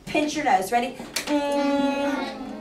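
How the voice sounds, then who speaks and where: A woman teaching a third grade spelling lesson, asking the class question after question and slowing down to explain each rule. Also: sits high, expressive. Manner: patient, questioning, slows down to explain. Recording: roomy, distant, noisy classroom recording.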